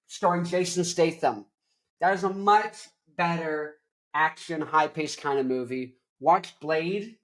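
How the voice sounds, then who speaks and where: A young man hosting his own show, ranting casually about movies in an animated, rambling way, full of "like". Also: sits high, slow. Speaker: host.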